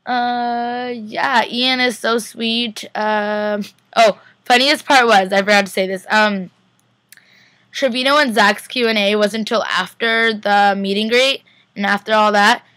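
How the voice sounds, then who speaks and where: A young woman from Northern California rambles through a fan convention recap, her speech peppered with "like" and quoted exchanges. Her voice is bright and a little high. The sound is dry and close. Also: steady tone, a little slow, no echo. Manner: chatty, rambling, lots of "like". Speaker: fan vlogger. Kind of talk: casual recap vlog.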